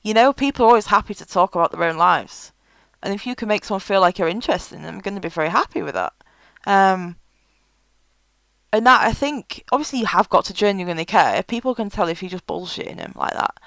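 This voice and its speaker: A woman's voice: mid-range voice, expressive, quick pace, creaky, fairly bright tone, no echo, rough recording. A woman giving frank, chatty advice in a casual vlog, with many fillers. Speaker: vlogger.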